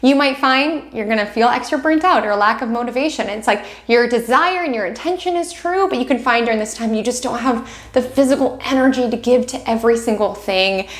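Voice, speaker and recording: A young woman with a slightly high voice gives an astrology forecast in a gentle, reassuring, affectionate way. She talks straight to her viewers. The sound is roomy and echoey. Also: fairly quick, few pauses. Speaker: astrology channel host. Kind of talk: direct-to-camera astrology forecast.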